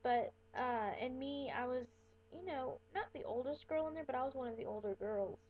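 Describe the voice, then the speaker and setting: A young woman rambles through a personal story with a fairly high voice and plenty of fillers. The sound is thin and tinny, as if heard over a phone line. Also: moderate pace. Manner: rambling, chatty, many fillers. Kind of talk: casual storytelling vlog. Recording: tinny phone-like webcam audio.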